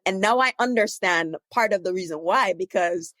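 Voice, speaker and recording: A woman's voice: medium pitch, moderate pace, a bit bright, no room sound, faint music behind. A middle-aged woman from Jamaica with a Jamaican accent, hosting a podcast interview and asking long, rambling, self-correcting questions. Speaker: podcast host. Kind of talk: casual interview conversation.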